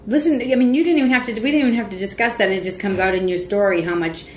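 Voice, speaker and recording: A woman's voice: medium pitch, racing, a little mellow. A woman podcast host interviewing a guest, probing and summing up her points. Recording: roomy with faint background noise.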